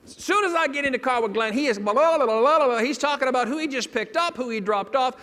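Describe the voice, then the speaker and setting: A man's voice: very high voice, quick pace. A man giving a comedic storytelling keynote to an audience, acting out the voices of people in his stories. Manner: animated, acts out quoted voices. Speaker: keynote speaker. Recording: long hall reverb.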